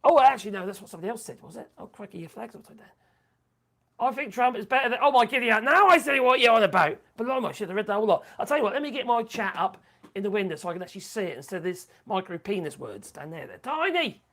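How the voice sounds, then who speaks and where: A man's voice: sits high, expressive, very fast, vocal fry, bright, forceful tone. Chatty Norfolk man on a live stream. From England. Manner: chatty, crude and mocking, muttering asides. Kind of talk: casual live-stream chat reading viewer comments.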